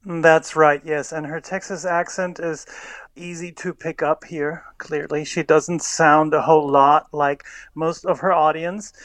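Professor explaining in a dry studio. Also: male voice, fairly high pitch, flat delivery, fairly bright tone, dry recording. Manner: explanatory, measured. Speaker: linguistics professor guest. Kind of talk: radio interview.

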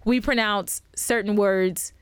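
A young woman with an East Texas accent co-hosting a podcast, casual, teasing and quick to laugh. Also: medium pitch, steady tone, smooth, no room sound. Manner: playful, teasing, laughs often. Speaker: podcast co-host. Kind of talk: casual chat.

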